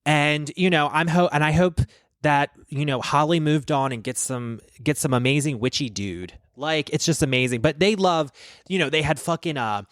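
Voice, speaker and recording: A man's voice: on the high side, moderate pace, a bit bright, dry recording, clean studio sound. A man hosting a casual reaction chat, talking in a rambling, profane, gossipy way. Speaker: host.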